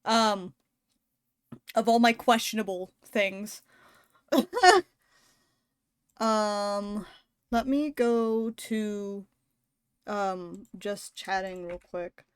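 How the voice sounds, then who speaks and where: A woman live-streaming a story game, reading along and chatting, animated, laughing often and swearing casually. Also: medium pitch, very slow, pauses often, clean tone, no echo.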